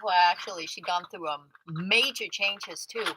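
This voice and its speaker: A woman hosting a livestream, telling a story to her chat in a chatty way that swings from loud outbursts to muttered asides. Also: mid-range voice, normal speed, very noisy. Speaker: livestream host. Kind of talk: casual storytelling to a live chat.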